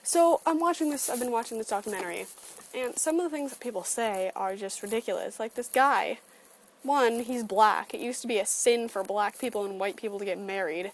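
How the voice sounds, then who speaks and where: A woman's voice: fairly high pitch, a little fast, slight background noise, low-quality recording. A woman ranting sarcastically and with lots of swearing in a webcam opinion vlog. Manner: animated, sarcastic and profane ranting. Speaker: vlogger. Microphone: computer webcam.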